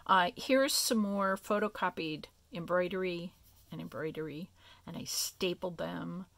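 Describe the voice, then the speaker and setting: Woman crafter, low and unhurried, gravelly, soft rambling show-and-tell. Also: no room sound. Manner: soft, meandering, thinking aloud with many fillers. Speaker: craft vlogger.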